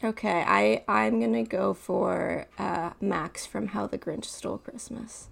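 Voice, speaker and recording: A woman's voice: mid-range voice, a little slow, vocal fry, breathy edge. A woman co-hosting a casual podcast, laughing easily and reacting with surprise. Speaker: podcast co-host. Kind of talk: casual chat.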